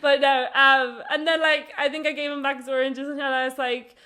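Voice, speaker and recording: A young woman with an English accent tells a rambling travel story in casual podcast chat. Her voice sits a little high, and she laughs and swears freely as she goes. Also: level tone, moderate pace, bright, forceful tone. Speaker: podcast co-host.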